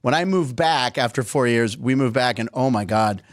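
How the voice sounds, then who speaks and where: A man's voice: medium pitch, moderate pace. A man hosting a sports talk show in a casual, joking way. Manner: jokey, animated, goofs with accents. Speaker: host.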